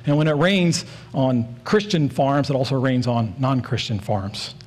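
A man's voice: medium pitch, expressive, a little slow, a little mellow. A man in his forties preaching a sermon in an earnest, storytelling way, leaning on repeated phrases.

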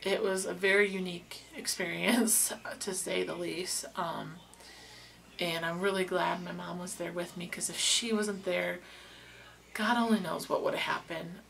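A woman's voice: fairly low pitch, steady tone, measured pace, gravelly, fairly bright tone. A young woman, a beauty vlogger, telling a true story in a casual, chatty way with lots of fillers and restarts.

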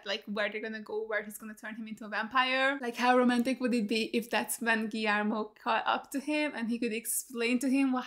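A woman hosting a TV reaction video, excitable and swearing often. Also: fairly high pitch. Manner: excitable, swears a lot, screams at jump scares. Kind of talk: casual reaction commentary.

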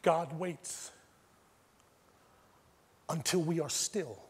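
An American pastor preaches in a church sanctuary, his fairly high, husky voice darkish in tone and very slow. He moves from near-whispers to emphatic preaching, and the recording carries a long church-hall reverb.

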